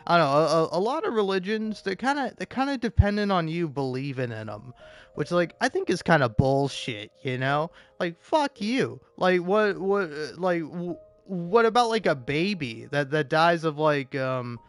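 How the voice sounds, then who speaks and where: Rambling, profane man with a smooth voice. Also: on the high side, animated, normal speed. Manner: meandering, profane, stammering with many fillers. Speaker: live streamer. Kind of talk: rambling casual monologue.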